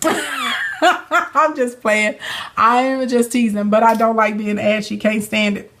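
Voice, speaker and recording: A woman's voice: on the high side, big pitch swings, takes it slowly, fairly bright tone, slight background noise. Sassy chatty woman live-streaming. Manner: sassy, chatty, laughs often. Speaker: livestream host and business coach. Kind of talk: casual livestream chat with viewers. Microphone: phone.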